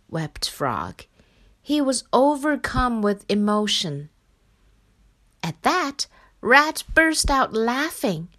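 A woman from China reading a children's picture book aloud in a slow, expressive storytelling manner. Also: a little high. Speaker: storybook reader.

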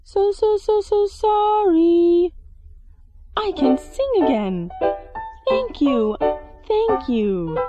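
Woman putting on a singing lady, high shrill trill, swooping all over, storybook figure, soft music behind. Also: wildly swooping pitch, slow pace, heavily acted. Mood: sing-song grateful. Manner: sings words up a scale.

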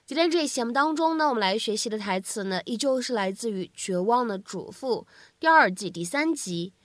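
A woman teaching English pronunciation in a cheerful, explanatory way, slowing down to model each phrase. Her voice sits a touch high and moves lively, recorded close and dry. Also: dry recording. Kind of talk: scripted lesson narration.

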